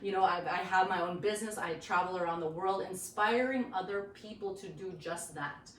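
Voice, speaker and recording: A woman from Saskatchewan with a Cree reserve accent, telling stories as a workshop presenter and acting out quotes with lively energy. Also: lowish voice, fairly quick. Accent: Cree reserve English. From Cumberland House Cree Nation, Saskatchewan. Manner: animated, acts out quotes. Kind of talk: lively storytelling talk. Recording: roomy, distant mic, faint ambient noise.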